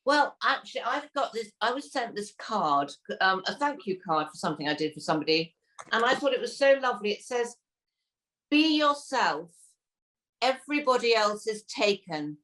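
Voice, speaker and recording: A woman co-host sharing a tip in a sweet, sincere, soft-spoken way. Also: on the high side, sing-song, normal speed. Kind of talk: casual chat.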